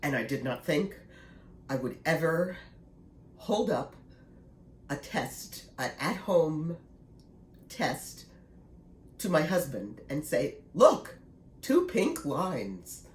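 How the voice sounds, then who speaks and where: A woman's voice: low voice, animated, takes it slowly, long pauses. A woman in her sixties, slightly congested, chatting casually and laughing easily in a knitting vlog. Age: 60s. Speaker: knitting vlogger. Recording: echoey room with faint noise.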